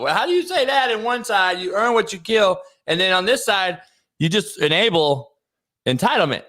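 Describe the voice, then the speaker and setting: Animated gravelly man ranting on a talk show. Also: high voice, moderate pace. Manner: animated, profane ranting with sudden loud outbursts. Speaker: show host, former coach. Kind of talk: heated casual talk-show debate.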